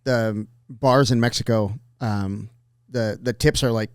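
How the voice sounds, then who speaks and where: A man's voice: medium pitch, fairly even intonation, a little slow, clean tone, dry recording, studio quality. A man telling rambling, profane anecdotes on a casual podcast.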